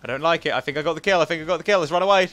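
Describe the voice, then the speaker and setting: A young man giving playful, goofy gameplay commentary, swinging between loud outbursts and muttering asides. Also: on the high side, very fast, slight background noise. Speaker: gaming commentator.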